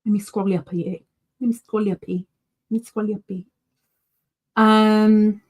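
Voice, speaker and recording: A woman's voice: medium pitch, flat delivery, a little slow, a little mellow. A British woman hosting a casual live yarn stream, chatty and rambling, full of fillers and restarts, cooing now and then at her pet. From Britain. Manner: coos baby-talk at her pet. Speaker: yarn channel host.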